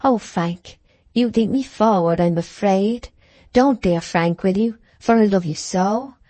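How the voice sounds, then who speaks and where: A woman's voice: mid-range voice, unhurried, mellow, no echo, lightly acted. A woman voicing a timid young woman in an audiobook, speaking in a tremulous, faltering, pleading way. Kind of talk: audiobook character reading.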